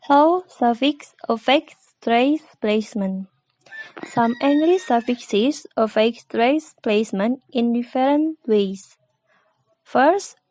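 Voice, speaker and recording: A young woman student reading a class presentation in a measured way, with the odd restart. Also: on the high side, darkish tone, no echo.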